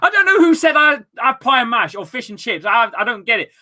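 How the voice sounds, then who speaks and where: A man with an East Midlands accent hosting a live football watchalong at home, full of excitable, sweary, rambling banter. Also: very high-pitched, a little fast. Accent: East Midlands English. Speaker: host of a fan watchalong stream.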